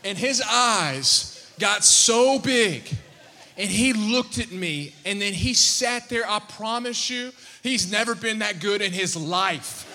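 A man in his thirties preaches a sermon in a large hall, his voice high and bright. He tells stories with animated energy, stumbling into restarts and repeated words. A long reverb trails each line. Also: slow pace. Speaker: pastor.

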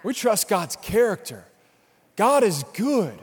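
A man's voice: sits high, very animated, takes it slowly, slightly rough. Man preaching in a long-echoing hall. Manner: storytelling that builds to shouted preaching. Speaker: pastor. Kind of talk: sermon.

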